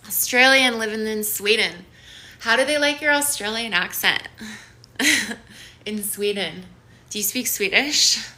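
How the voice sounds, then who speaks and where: A woman teaching a live-streamed yoga class, giving slow, soothing cues and bubbly greetings to viewers. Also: fairly high pitch, bright, forceful tone. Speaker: yoga instructor. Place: home studio in downtown Los Angeles.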